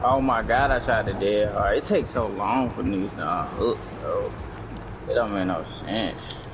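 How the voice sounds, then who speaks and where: A man's voice: lowish voice, normal speed. A man bantering casually as a teammate during a game, in a drawling, reactive way, over a noisy line with background hum. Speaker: gaming teammate. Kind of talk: casual gaming chat.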